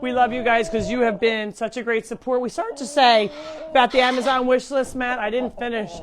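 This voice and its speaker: A woman's voice: a little high, little pitch movement, brisk, a crowd in the background. A middle-aged woman hosting a casual live stream from her animal sanctuary at home, chatting and talking to her pets in a sing-song way. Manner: chatty, talks to animals in a baby voice.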